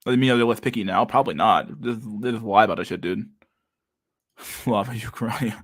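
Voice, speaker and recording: A man's voice: lowish voice, moderate pace, no echo, clean studio sound. A man in his thirties hosting a casual live stream, reading viewer comments aloud in a loose, profane way and saying "dude" a lot. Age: 30s.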